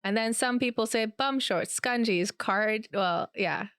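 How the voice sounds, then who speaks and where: A woman's voice: a little high, unhurried, a bit bright, clean tone, no room sound, clean studio sound. A woman co-hosting a podcast, chatting in a playful, dramatic way. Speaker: podcast co-host. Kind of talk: casual chat.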